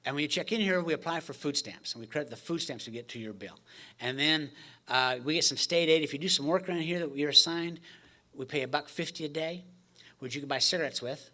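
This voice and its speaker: A man's voice: on the high side, quick pace. A man speaking at a recovery meeting, telling his story with jokes and acted-out dialogue. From United States. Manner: animated, joking storyteller acting out dialogue.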